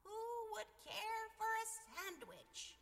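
A woman's voice: very high voice, big pitch swings, slow pace, a bit bright, in a large hall, pitched above the performer's own voice, heavily acted. A woman voicing a small, sly, bossy female sand creature in a read-aloud storybook, cackling and crafty. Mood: calling.

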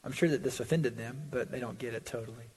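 A man preaches in a slightly husky voice, earnest and emphatic, pushing his volume up on pleas and letting it sink on sober points. He speaks in a church sanctuary, and long reverb trails after his words. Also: quick pace. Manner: earnest preaching, swells loud on pleas and drops low on warnings. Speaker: pastor. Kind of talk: sermon.

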